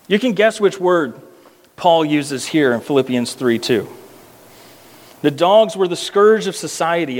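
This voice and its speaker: A man preaching an expository sermon, emphatic, repeating words for weight and slowing down on key phrases. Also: on the high side. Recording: long reverb of a church hall.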